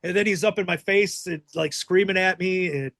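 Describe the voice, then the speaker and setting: A middle-aged man telling a story on a podcast, animated and profane, jumping into the voices of the people he quotes. His voice sits a little high for a man. It is recorded close and dry, with no room sound. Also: normal speed, vocal fry, dry recording. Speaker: podcast host. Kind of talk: casual storytelling.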